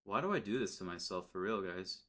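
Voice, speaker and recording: A man's voice: deep voice, animated, fairly quick, a bit bright. A young man streaming his day trading live, frustrated and swearing, repeating himself as he talks to viewers.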